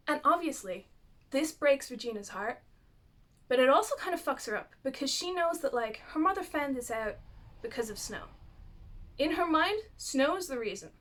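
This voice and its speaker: A woman giving a casual, chatty plot recap with lots of "like" fillers. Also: sits high. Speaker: youtuber.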